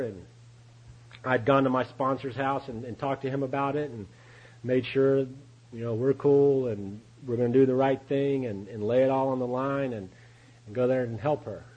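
A husky middle-aged man shares his recovery story in a folksy, confessional way, slipping into the voices of the people he quotes. His voice sits mid-range, and the lo-fi recording sounds dull and muffled. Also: mid-range voice, fairly even intonation, normal speed, a little mellow. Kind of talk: AA speaker talk, storytelling.

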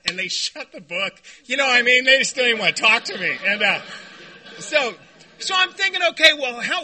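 High, bright-voiced man telling his story. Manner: animated, self-deprecating, laughing. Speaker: speaker at a recovery meeting. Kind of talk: personal storytelling talk.

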